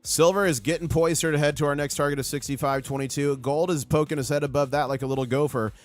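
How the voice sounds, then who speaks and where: A man hosting a live stream, giving excitable market commentary and reading viewer comments aloud. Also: fairly high pitch, fast, faint music behind. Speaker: livestream host.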